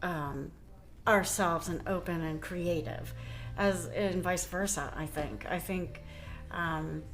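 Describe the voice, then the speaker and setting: A woman's voice: on the low side, fairly even intonation, takes it slowly, soft background music. A middle-aged woman, a guest musician on a podcast, speaking earnestly and often finishing her twin sister's sentences in casual conversation. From Ohio, USA. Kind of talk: casual interview chat.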